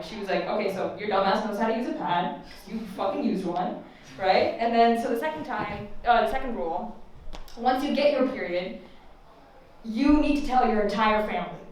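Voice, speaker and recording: A woman's voice: high voice, fairly bright tone. Young female stand-up comic, chatty and profane, laughs at her own lines; distant mic, very echoey room. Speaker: stand-up comedian. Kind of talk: stand-up comedy set. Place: student comedy open mic.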